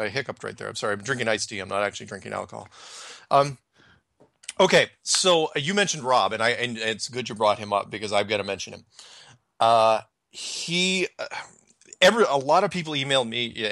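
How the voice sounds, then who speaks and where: Rambling male podcast host, bright voice. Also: fairly low pitch, vocal fry, no echo, studio quality. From Washington state, United States. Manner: rambling, halting, many restarts. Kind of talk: casual podcast chat.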